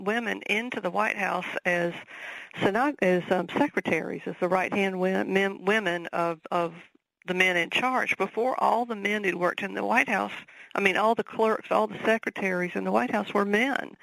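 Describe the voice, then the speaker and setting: A woman with a Southern accent, an author speaking as a radio guest, talking in a halting way with many ums and restarts. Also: mid-range voice, creaky, a bit bright, dry recording, low-quality recording. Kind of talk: radio interview.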